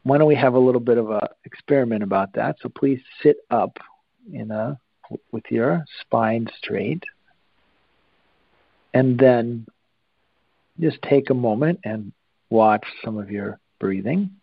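Slow gravelly guy walking people through breathing, kinda dull lo-fi sound. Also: mid-range voice, no room sound. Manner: slow, calm, instructive with long pauses. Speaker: breathing teacher. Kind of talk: guided breathing exercise.

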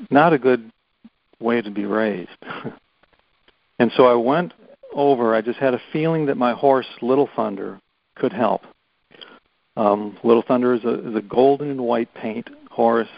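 A man on a conference call, telling a story in an earnest, halting way and repeating words as he goes. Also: mid-range voice, creaky, no room sound, muffled recording. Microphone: phone or conference call.

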